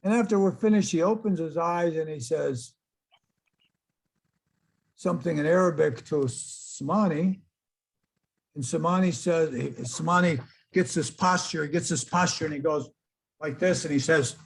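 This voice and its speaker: A man's voice: on the high side, normal speed, poor audio. A middle-aged man, a hypnotist, telling a story to an online audience on a video call and acting out the voices he quotes. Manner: animated storyteller who acts out quoted voices. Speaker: hypnotist giving an online talk.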